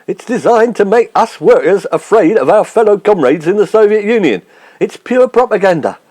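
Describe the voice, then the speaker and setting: A man's voice: high voice, expressive, normal speed, a little mellow, no room sound. A man playing a gloomy, self-important comedian in a comedy sketch, ranting with indignant bluster.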